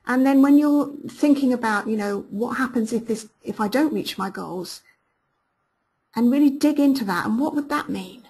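A woman coaching her audience through a webinar, her voice slightly husky and breathy. She sounds upbeat and encouraging and repeats her key questions to push listeners toward action. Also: on the high side, darkish tone. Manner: upbeat and encouraging, quick praise words. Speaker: business coach hosting a webinar. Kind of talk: live webinar talk, reading out listener comments.

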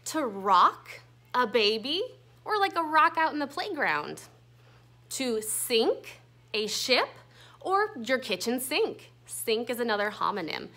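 A woman's voice: a little high, big pitch swings, takes it slowly, pushed and bright. A young woman teacher explaining a grammar lesson patiently, spelling words out letter by letter.

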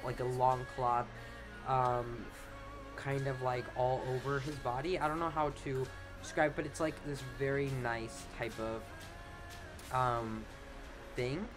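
Rambling young man narrating a slideshow. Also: mid-range voice. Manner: rambling, hesitant, heavy on fillers like "like" and "you know". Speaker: channel host. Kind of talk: casual voice-over for a history slideshow.

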